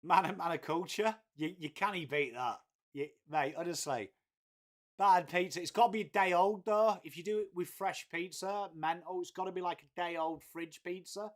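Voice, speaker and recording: A laddish livestream host from Whitby, England, chats casually through a live watchalong and reads viewer messages. His voice is on the higher side at a normal speed, and his banter is peppered with "mate" and free swearing.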